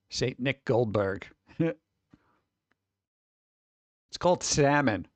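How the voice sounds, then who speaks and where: A man's voice: mid-range voice, expressive, moderate pace, long pauses, dry recording. An American man chatting casually on a livestream, rambling, laughing often and trailing off. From United States. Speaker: VTuber streamer.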